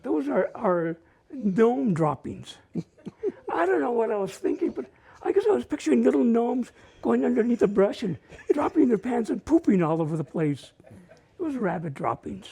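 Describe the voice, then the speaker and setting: An older storyteller shares self-mocking childhood tales at a library open mic, laughing as he goes. His extremely high voice swings widely in pitch at a moderate pace, sounding creaky, mellow and husky.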